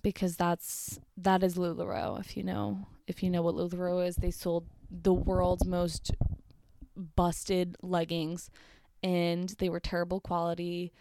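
A woman's voice: on the low side, level tone, measured pace, warm tone, no room sound. A woman reading messages aloud and reacting with blunt, exasperated, sweary commentary in a casual vlog. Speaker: vlogger.

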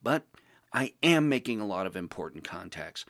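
A man playing a pompous, social-climbing young male journalist with affected, genteel high-society phrasing. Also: sing-song, normal speed, gravelly, fairly bright tone, dry recording, studio quality, full character voice. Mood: airy, pleased. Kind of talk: podcast role-play.

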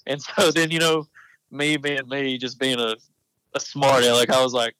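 A man's voice: medium pitch, level tone, moderate pace, sharp tone, clear, resonant tone, no echo, poor audio. A man telling hunting stories in casual podcast chat, rambling and correcting himself as he goes. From Texas. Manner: rambling, self-correcting storyteller. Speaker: podcast guest, apparel company founder.

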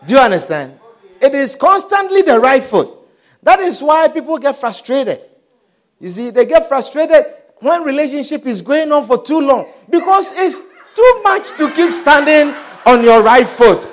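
A man preaching a sermon, animated and often asking the congregation whether they understand. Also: very high voice, unhurried. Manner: animated, repeatedly asks "Do you understand?".

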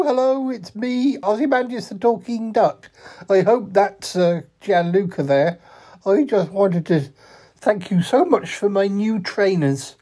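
A woman's voice: mid-range voice, dark tone, lightly acted. A woman voicing a cheerful duck-human hybrid who laughs and quacks. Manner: cheery, giggly, ends with quacks.

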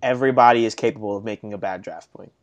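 A young man co-hosting a casual sports podcast, telling stories in an animated, self-mocking way. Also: lowish voice, very fast, dull audio. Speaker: podcast co-host.

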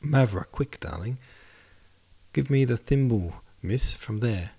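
A man reading aloud, voicing an excited young girl who gives eager, bossy orders while dressing for a ball. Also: mid-range voice, slow pace, vocal fry, slightly rough, pitched above the performer's own voice, heavily acted. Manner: eager, bossy, breathless exclamations.

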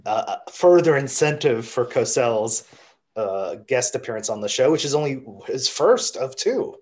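A man's voice: mid-range voice, expressive, normal speed. A man co-hosting a podcast in casual chat, musing and hesitant, with many fillers. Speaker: podcast co-host.

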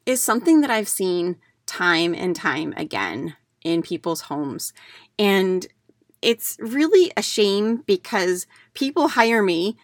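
A woman's voice: fairly low pitch, fairly bright tone, dry recording, studio quality. A middle-aged woman from the United States who hosts a podcast, talking casually as a declutter coach in a chatty storytelling way, with fillers and restarts.

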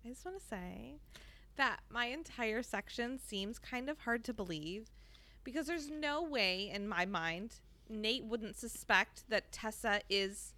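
A woman's voice: on the high side, expressive, slow, sharp tone. A woman co-hosting a casual podcast, recapping a book in a chatty, sarcastic way with some swearing. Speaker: podcast co-host.

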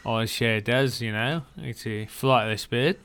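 A man's voice: medium pitch, fairly even intonation, slow pace, fairly bright tone, smooth. A man co-hosting a podcast, chatting casually about movie trailers and explaining details with frequent restarts. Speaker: podcast co-host.

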